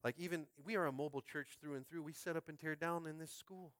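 A man preaching a sermon as pastor, fervent and calling out to his congregation, swinging from quiet musing to shouted climaxes. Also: on the high side, steady tone, fast, no room sound. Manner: calls out to the congregation. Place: school space used as a church.

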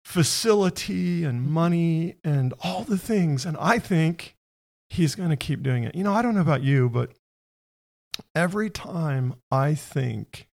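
A man with a slightly raised, gravelly voice hosts a faith-based conversation. He talks in an earnest, heartfelt way and often speeds up as his feeling builds. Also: a little high, a little slow. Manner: earnest, emotional, speeds up when excited. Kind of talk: faith-based interview chat.

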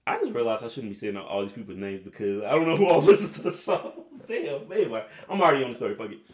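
Animated, swearing young man telling stories. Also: medium pitch, fast. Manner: rambling, profane, animated storyteller. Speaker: podcast host. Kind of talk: casual storytelling chat. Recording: roomy echo.

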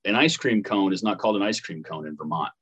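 A Midwestern American man in his thirties co-hosts a podcast, casually sharing a travel story and laughing freely. His low-pitched, fairly bright, slightly rough voice moves quickly, with the highs cut off.

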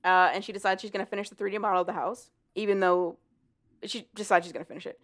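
A woman's voice: mid-range voice, steady tone, fast, fairly bright tone. A chatty woman co-hosting a casual book-recap podcast. She talks loosely, sprinkles in fillers and acts out the characters' lines as she goes. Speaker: podcast co-host.

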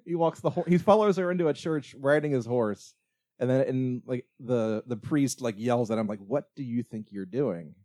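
A man's voice: mid-range voice, normal speed, mellow, dry recording. Guy rambling on a movie podcast, jokey, lots of laughs, dry close mic. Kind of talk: casual movie podcast chat.

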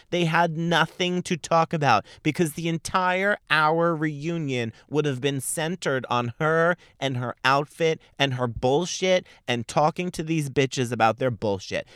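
A man's voice: fairly high pitch, fairly bright tone, clear, resonant tone, no room sound, clean studio sound. A young man hosting a solo podcast, ranting in a sassy, profane, mocking way. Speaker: podcast host.

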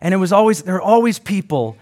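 Lively high-voiced man preaching a sermon. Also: fast talker. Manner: animated, conversational preaching with frequent restarts and asides. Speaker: pastor.

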